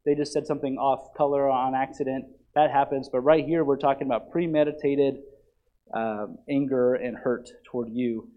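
A man's voice: mid-range voice, highs cut off. A man teaching a Bible lesson in an earnest, emphatic way, repeating key phrases for stress.

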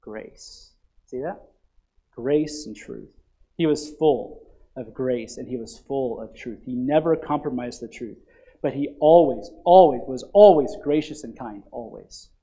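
A man preaching a sermon as pastor, swinging from loud emphatic passages to quiet low ones and asking the congregation to fill in words. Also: measured pace, breathy edge.

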